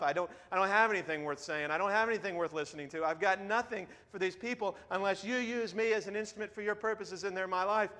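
A man in his thirties preaching a sermon as pastor, earnest, dropping to a hush and then rising with emphasis. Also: sits high. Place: church sanctuary. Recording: long reverb of a large hall.

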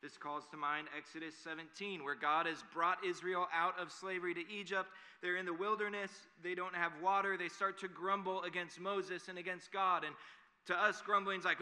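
A man's voice: on the high side, moderate pace, bright, forceful tone. A man preaching a sermon in an earnest way that builds to emphatic declarations. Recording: long hall reverb.

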